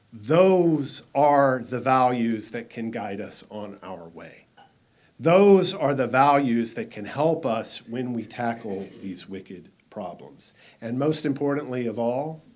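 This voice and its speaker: A man preaching a sermon in a church, slow and measured, leading the congregation in call-and-response. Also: mid-range voice. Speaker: minister. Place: church sanctuary.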